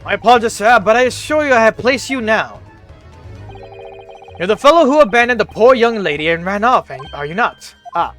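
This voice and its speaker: A man's voice: sits high, expressive, a little fast, a bit bright, soft background music. A man voicing a brash, theatrical Victorian detective who speaks in a grand, pompous way.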